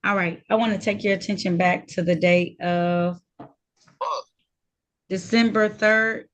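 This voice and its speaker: A woman's voice: mid-range voice, steady tone, unhurried, long pauses, fairly bright tone. A woman serving as judge in a court hearing held over a video call, talking in a firm, direct and sometimes scolding way.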